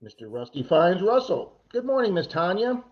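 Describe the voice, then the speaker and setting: A man's voice: sits high, sing-song, normal speed, highs cut off. A man co-hosting a casual livestream, chatty and teasing as he reads out viewer names. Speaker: livestream co-host.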